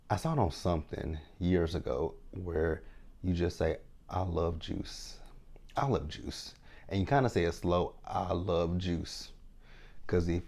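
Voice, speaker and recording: Gravelly, warm, and low-pitched, a man in his thirties delivers casual recap commentary on a TV show. He keeps it chatty and frank, constantly asking his audience "right?"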